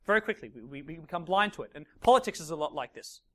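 Speaking very fast with a fairly high pitch, a dating coach gives a lively seminar to a roomful of listeners. He acts out scenes as he talks and constantly checks with the crowd using "right?" and "okay?"

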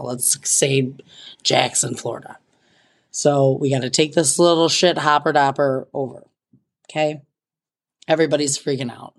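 A woman telling a casual storytime monologue in an animated, dramatic way, swearing freely. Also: very deep voice.

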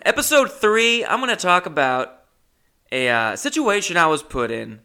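A man's voice: mid-range voice, gravelly, clear, resonant tone. A young man hosting a podcast, telling a rambling, self-deprecating story in a casual monologue. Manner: rambling, self-deprecating, jumps between loud and muttered asides. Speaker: podcast host.

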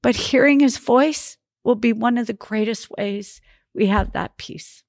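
A woman's voice: fairly high pitch, measured pace, a little mellow, dry recording, clean studio sound. A woman telling a personal faith story as a podcast guest, earnest and emotional.

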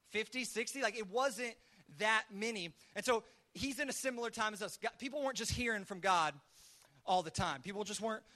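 A man preaching a conversational sermon, telling the story in a casual, chatty way with lively acted asides. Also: high-pitched. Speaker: pastor.

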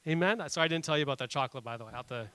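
A man in his thirties preaching a sermon, earnest and animated, telling family stories between points with frequent restarts. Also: mid-range voice, rapid-fire, clean tone. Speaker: pastor.

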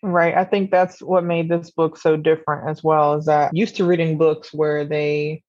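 A woman's voice: deep voice, level tone, moderate pace, darkish tone, dry recording. A young woman guest on a podcast, talking casually and easygoingly over a video call. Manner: easygoing, reads a summary aloud. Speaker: guest, host's younger sister. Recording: slightly muffled video call audio.

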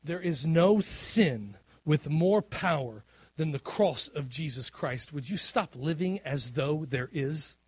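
Male preacher, fairly high voice, dynamic sermon delivery with drawn-out emphatic lines. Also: husky, no room sound. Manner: animated preaching, swings between loud emphasis and quiet asides. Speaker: pastor.

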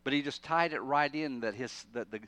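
A man preaching a sermon in a church, emphatic, repeating and restarting phrases, swinging between urgent loudness and quiet. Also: medium pitch, a little fast, no room sound.

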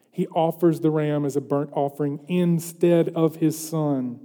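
A man's voice: on the high side, steady tone, measured pace, few pauses, mellow. A man preaching a sermon as pastor, earnest and building to emphatic questions. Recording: long hall reverb.

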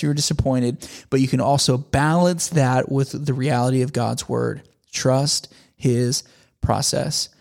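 A man's voice: medium pitch, gravelly, darkish tone. A man in his thirties preaching in a conversational, earnest way, often repeating phrases for emphasis. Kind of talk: sermon.

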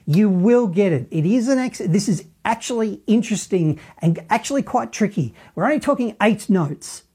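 A man's voice: high-pitched, dark tone, slightly rough. A man with an Australian accent teaching saxophone, chatty and encouraging, with some self-deprecating humor. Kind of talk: play-along music lesson.

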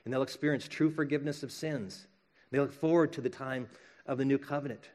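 A man's voice: medium pitch, steady tone, fairly quick, a little mellow. A middle-aged man preaching a sermon in a conversational way, acting out quoted voices with light jokes. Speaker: pastor.

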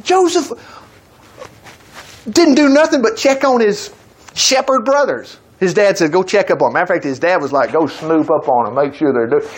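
A man's voice: high voice, lively intonation, moderate pace. A man teaching the Bible in a chatty, folksy way, breaking into exclaiming asides. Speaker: preacher.

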